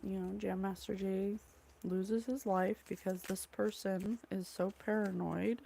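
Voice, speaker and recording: A woman medium channels spirit at home, speaking in a rambling, halting flow. She stops to blurt out single words she says come from spirit. Her mid-range voice has a gravelly fry to it. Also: mid-range voice, little pitch movement, dark tone. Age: adult, mother of a young child. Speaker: psychic medium host. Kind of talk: solo spirit channeling monologue. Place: at home, in a room with curtains and a candle.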